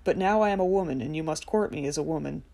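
A woman reading the part of a young fairy tale heroine, speaking softly, sad but firm. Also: sits low, fast talker, vocal fry. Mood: soft resolve. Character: young woman Marion, quiet and resolved.

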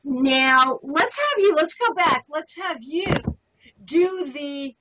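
A woman's voice: high voice, lively intonation, slow, pushed and bright. Upbeat female tarot show host, lo-fi. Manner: affirming, enthusiastic interviewer. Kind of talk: casual chat about tarot. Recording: dull lo-fi audio.

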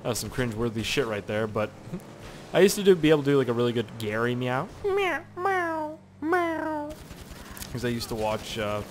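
A young man from Canada giving rambling, profane gameplay commentary with sudden excited yelps. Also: mid-range voice, fast talker, faint music behind. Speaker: gaming channel host.

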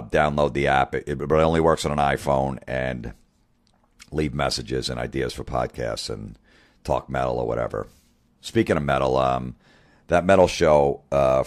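Very deep-voiced, profane podcast host. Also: male voice. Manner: blunt and heavily profane, with many fillers; excitable, gets fired up. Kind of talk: casual podcast talk.

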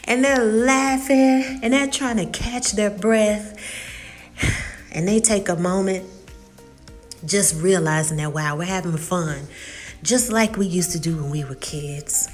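A woman's voice: on the low side, measured pace, long pauses, faint music behind. A woman giving a casual recap of a TV episode, telling it in a chatty, storytelling way and slipping into the characters' quoted lines. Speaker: TV recap vlogger. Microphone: USB desk mic.

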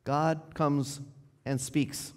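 Man in the pulpit, somewhat high voice, conversational storytelling sermon, phrases fading to a hush, church reverb. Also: flat delivery, extremely slow. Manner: drops to a near hush at ends of phrases, then rises. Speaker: pastor. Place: church sanctuary.

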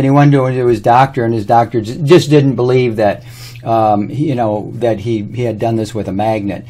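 A man's voice: medium pitch, normal speed, darkish tone. A man talking casually to camera, rambling through anecdotes while demonstrating a product on his own body. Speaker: presenter demonstrating a health product.

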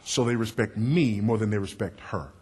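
A husky, slightly breathy male preacher with a big voice delivers a sermon. He speaks emphatically and wryly and works the crowd. His voice swings from loud to low. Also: normal speed. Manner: confessional and wry, working the crowd.

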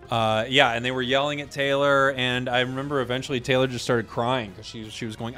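A man's voice: medium pitch, brisk, hardly any pauses. Rambling man joking over game music. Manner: rambling, joking, deadpan tall tales. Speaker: gaming channel host. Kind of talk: casual gameplay commentary.

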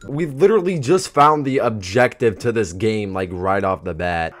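A young man doing let's play commentary on a horror game, jumpy and excitable, talking to himself and his chat and reading game text aloud. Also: fairly low pitch, moderate pace. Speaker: gaming YouTuber. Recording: music playing behind voice. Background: background game music.

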